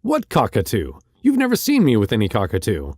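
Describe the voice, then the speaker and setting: A man's voice: medium pitch, wildly swooping pitch, a little fast, a little mellow, no room sound, clean studio sound. A man doing a curt, resentful Englishman. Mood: desperate. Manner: short but civil. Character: curt, resentful Englishman, civil but short.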